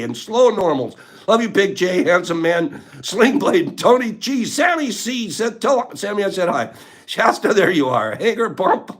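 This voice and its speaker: A man's voice: high-pitched, a bit bright. A man hosting a casual livestream, joking with viewers, laughing often and greeting the chat by name. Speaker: livestream host.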